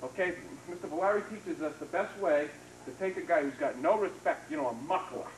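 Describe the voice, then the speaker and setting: A karate instructor teaches a hands-on seminar in a training hall, speaking casually while demonstrating moves and offering students short praise. His voice is fairly high and brisk. The noisy 1990s video was captured with a distant mic in an echoey hall.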